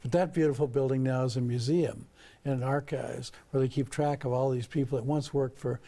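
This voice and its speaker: A man's voice: mid-range voice, fairly even intonation, moderate pace, mellow. An older man, a history expert guest on a TV talk show, telling stories in a folksy, joking way.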